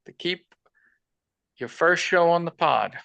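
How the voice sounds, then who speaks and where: A man with a gravelly, slightly high voice hosts a casual sports betting podcast. He banters and cracks crude jokes, recorded dry and close. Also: lively intonation, slow pace, bright, forceful tone, no echo. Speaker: podcast host.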